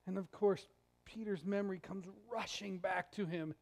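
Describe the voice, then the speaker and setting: A male pastor giving a sermon in a conversational, animated storytelling way with jokes. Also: sits high, moderate pace, creaky. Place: church sanctuary.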